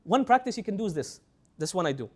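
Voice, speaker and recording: A young man teaching a tajweed class in a lively lecture style, often repeating words and breaking off to chant slow example phrases. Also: high voice.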